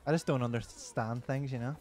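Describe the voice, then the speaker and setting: A man's voice: mid-range voice, fairly even intonation, a little fast, a little mellow. A man chatting casually while playing a game, swearing freely and laughing often. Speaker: gamer. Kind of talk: casual gaming chat.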